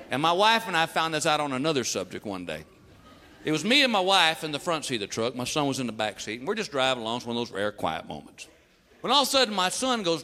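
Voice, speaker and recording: A man performing a stand-up comedy routine, telling animated family stories and acting out his son and wife. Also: a little high. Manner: animated storytelling, acts out family members. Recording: live hall recording with loud background noise.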